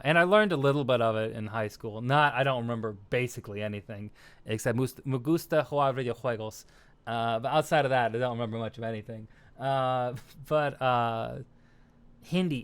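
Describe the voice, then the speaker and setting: A man's voice: medium pitch, moderate pace, clear, resonant tone. A young American man hosting a stream, chatting casually with viewers, rambling and self-deprecating. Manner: rambling and self-deprecating, lots of fillers and laughs. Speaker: streamer host. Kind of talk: casual stream chat reading viewer comments.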